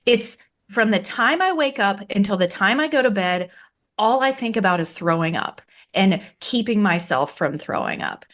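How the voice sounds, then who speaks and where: A woman's voice: mid-range voice, expressive, moderate pace, fairly bright tone. A woman in her thirties telling her own story in a candid interview, frank and plain-spoken, acting out the people she quotes with a raised voice. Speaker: guest.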